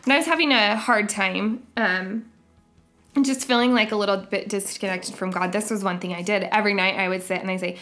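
A woman hosts a devotional podcast with an earnest, reflective manner. Her voice sits at a middle pitch, and she reads scripture aloud in a measured way. She lets a soft laugh slip in as she talks. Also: soft background music. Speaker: podcast host.

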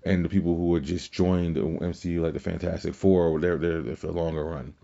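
A man's voice: low-pitched, fairly even intonation, a little fast, creaky, mellow. A man hosting a podcast, talking casually on his own in a rambling way, with many restarts and filler words. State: tired, fighting yawns. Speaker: podcast host. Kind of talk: casual solo commentary. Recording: dull lo-fi sound.

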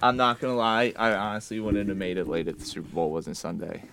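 A man's voice: lowish voice, fairly quick, vocal fry, a bit bright. A young man in casual chat, grumbling and ranting with plenty of swearing. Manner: tired, grumbling rants with swearing. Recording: noisy background with clicks.

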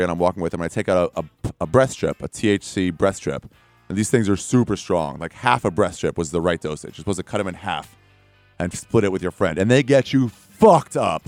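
A man telling a story on stage as a stand-up comedian, acting out the voices of the people in it. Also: fairly low pitch. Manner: animated, acts out voices in his story. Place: comedy club stage with audience. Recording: echoey club with crowd laughter.

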